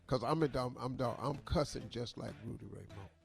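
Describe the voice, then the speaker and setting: Gravelly-voiced man telling a funny story. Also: medium pitch, fairly quick, faint music behind. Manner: animated storyteller, stammers and repeats. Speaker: radio host. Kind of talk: comedic storytelling on morning radio.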